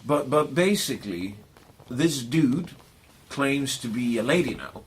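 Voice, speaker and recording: A man's voice: mid-range voice, expressive, measured pace, slight background noise. A man co-hosting a podcast in casual chat, crude and joking, often laughing. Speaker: podcast co-host.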